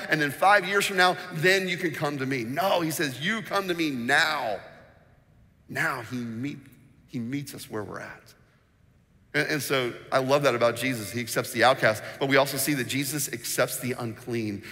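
A man preaching a sermon as pastor, telling stories with animated energy and acting out the voices in them. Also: medium pitch. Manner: animated storytelling, acts out quotes; sings snippets of a children's song. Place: church sanctuary. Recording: long reverb in a church hall.

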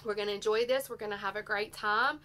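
A middle-aged woman with a drawl chats through a gift haul, teary and heartfelt. Her voice is bright and clear over a faint hum. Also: mid-range voice, fairly even intonation, fast talker. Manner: warm, chatty, heartfelt. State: teary and emotional. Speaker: vlogger. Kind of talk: casual haul chat to viewers.

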